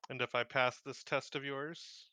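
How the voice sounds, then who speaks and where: A man's voice: mid-range voice, fairly even intonation, unhurried, pushed and bright, no echo. Wry man playing his character. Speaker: player. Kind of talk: in-character role-play.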